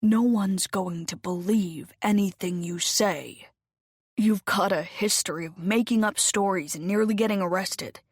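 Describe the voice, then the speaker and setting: A woman's voice: mid-range voice, expressive, moderate pace, gravelly, no room sound, studio quality. A woman voicing a smug husband who talks in a mocking, dismissive way.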